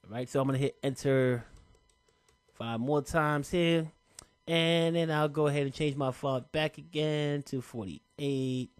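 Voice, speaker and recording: A man presenting a software tutorial in a relaxed, chatty way, talking through each step with casual slang. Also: a little high, unhurried, clear, resonant tone, no room sound, studio quality. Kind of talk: casual screen-recorded tutorial.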